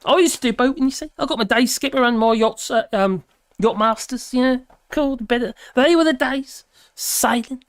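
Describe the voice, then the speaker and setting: A woman's voice: a little high, normal speed, dry recording. Tired, grumbling woman live streaming. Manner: rambling, grumbling, chatty. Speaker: live streamer reading chat comments. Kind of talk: casual live-stream chat.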